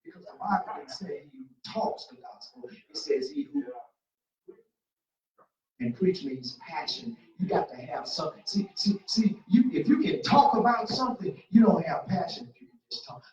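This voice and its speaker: Folksy, fired-up Bible study preacher, homey examples, fast when passionate; distant, dull, very echoey church recording. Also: mid-range voice, big pitch swings, a little mellow. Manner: speeds up and cuts in when passionate. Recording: very echoey church room, mic far off, dull sound.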